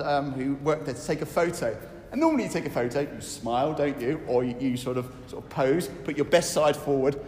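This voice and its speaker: A fairly high-voiced man preaching a sermon in a church. He talks earnestly, stumbles into fillers and restarts, and slows down for scripture. His voice rings through a reverberant hall, with a faint hiss underneath. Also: a little mellow. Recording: echoey hall with faint noise.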